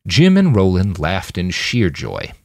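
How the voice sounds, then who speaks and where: Deep-voiced man reading fiction. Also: a little slow, no room sound. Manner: expressive reading. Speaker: fiction podcast narrator. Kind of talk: scripted narration.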